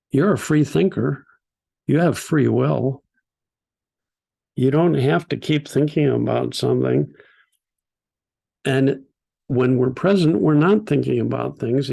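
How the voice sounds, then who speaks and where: Gravelly older man telling stories. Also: mid-range voice. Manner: gentle, unhurried storytelling with soft laughs. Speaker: teacher. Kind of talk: storytelling talk.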